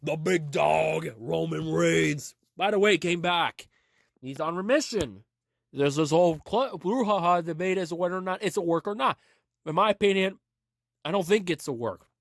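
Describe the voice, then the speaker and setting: A man's voice: sits high, lively intonation, moderate pace, a bit bright, no room sound, studio quality. Earnest man hosting an audio podcast. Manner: earnest, repetitive, with frequent restarts. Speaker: podcast host. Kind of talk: rambling motivational monologue.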